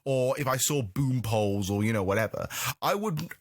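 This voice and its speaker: A man co-hosting a podcast, reviewing a movie in casual chat with a mocking, animated manner. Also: mid-range voice, moderate pace, dry recording, studio quality. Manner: animated, mocking, slips into jokey impressions. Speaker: podcast co-host.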